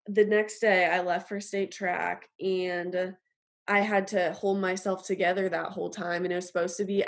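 This young woman tells an earnest personal faith story in an interview. She speaks at a moderate pitch and keeps stopping to fill pauses. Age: young adult. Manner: earnest, halting, with frequent fillers. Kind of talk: personal testimony.

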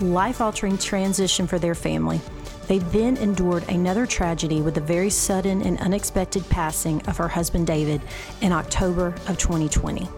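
A woman hosts a podcast, opening the show with an enthusiastic scripted introduction. Her voice is slightly low, and clear music plays underneath her. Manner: upbeat, enthusiastic. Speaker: podcast host. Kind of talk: scripted intro then interview questions.

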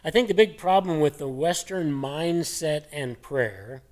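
Pastor, male, slightly higher voice, earnest conversational sermon delivery with rhetorical questions. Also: a little slow, darkish tone. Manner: plain conversational preaching with fillers.

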